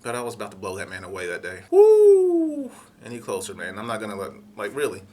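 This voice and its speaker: A young man telling a comic story in an animated, profane way, acting out voices. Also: low voice, racing.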